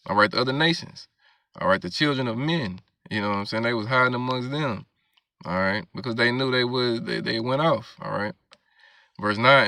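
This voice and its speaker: Gravelly guy reading bible verses and breaking them down, keeps saying all right, bright edgy tone. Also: mid-range voice, normal speed, no echo. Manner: keeps asking "all right?" and "you know what I'm saying"; reads verses aloud, then explains them. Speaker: preacher. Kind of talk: scripture reading with commentary.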